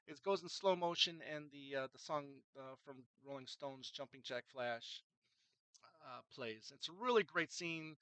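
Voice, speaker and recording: A man's voice: a little high, pushed and bright, clear, resonant tone, no room sound, low-quality recording. A man casually reviewing a film, retelling its scenes in a rambling way with many fillers and restarts.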